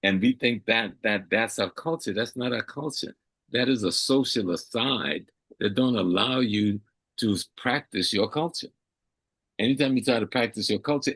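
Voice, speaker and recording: An older man from South Carolina speaks in a low, husky voice. He lectures like an elder in an interview, repeating key phrases to drive them home. The sound is dry and close, with no room around it. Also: normal speed, a bit bright, dry recording. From South Carolina, USA. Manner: emphatic, repeats phrases for weight. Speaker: elder guest.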